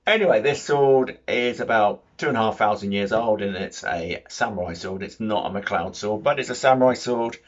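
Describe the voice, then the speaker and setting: A man's voice: lowish voice, normal speed, few pauses. A man giving a casual film review, rambling, losing his thread and correcting himself, with dry, mildly sarcastic humour. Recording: dull lo-fi recording.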